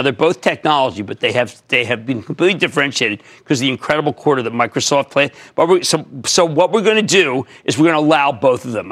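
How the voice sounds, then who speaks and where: A man in his sixties hosting a TV stock market show, talking in an emphatic, excitable way and sometimes shouting out names. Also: mid-range voice. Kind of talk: energetic TV finance commentary.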